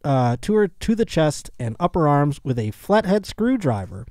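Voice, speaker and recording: Podcast host, male, higher-pitched, reads headlines aloud and riffs on them; dry close sound. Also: very animated, moderate pace, darkish tone, no room sound. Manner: reads news stories aloud with jokey asides. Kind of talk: casual comedy podcast chat.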